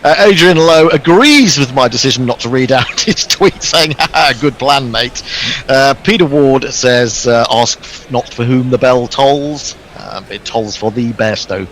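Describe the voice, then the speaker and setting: A man's voice: medium pitch, unhurried, a bit bright, slight background noise, rough recording. A man co-commentating on cricket in a chatty, self-deprecating way, reading out listener messages.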